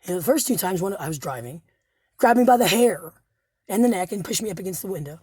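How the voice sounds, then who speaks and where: Hoarse, profane woman recounting to camera. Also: medium pitch, lively intonation, quick pace, dark tone, dry recording. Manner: agitated, profane, repetitive restarts. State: hoarse, injured throat.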